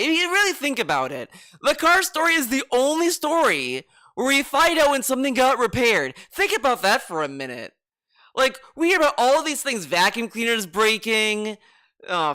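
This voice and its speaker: A man's voice: very high-pitched, pushed and bright, smooth. A man streaming, commenting on clips in a mocking, sarcastic way. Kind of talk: casual commentary.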